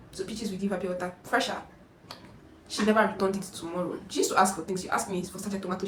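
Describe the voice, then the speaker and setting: A young woman in her twenties with a Nigerian accent, telling a story in a chatty, animated way. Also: mid-range voice, recorded from a distance, slight background noise. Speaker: vlogger. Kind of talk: casual storytime. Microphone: camera mic from a distance. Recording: echoey room, no microphone.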